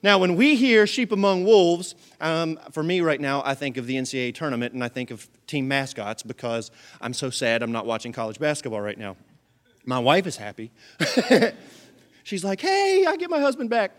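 A man preaching a sermon as pastor, animated and playful, acting out quick voices and jokes. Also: medium pitch.

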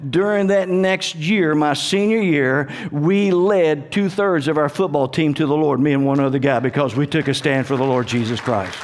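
A man's voice: a little high, normal speed, few pauses, a faint crowd. A middle-aged man preaching a sermon, building to fervent, emphatic calls. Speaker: pastor.

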